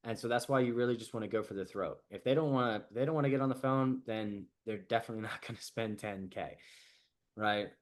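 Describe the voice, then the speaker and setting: A man's voice: lowish voice, quick pace. A man coaching a group call in a casual, chatty way, filling his talk with "like" and "right?" and acting out quoted people. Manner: casual, lots of "like" and "right?", animated quoted asides.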